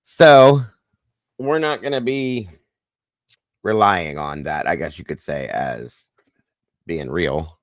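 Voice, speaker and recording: A man's voice: low voice, slow, pauses often, no echo, clean studio sound. A man hosting a casual livestream chat, goofy and corny, greeting viewers by name. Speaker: livestream host.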